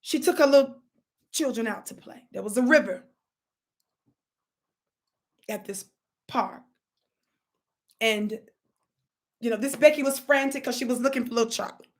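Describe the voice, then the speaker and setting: A woman hosting a live stream, telling a story to viewers in an animated, preachy call-and-response style. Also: a little high, normal speed, long pauses. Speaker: livestream host. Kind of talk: casual livestream storytelling.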